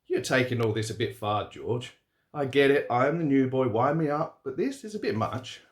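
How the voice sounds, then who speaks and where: A man's voice: medium pitch, animated, moderate pace, lightly acted. A man voicing a brash young male truck driver, cocky and swearing. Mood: brushing off. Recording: roomy echo.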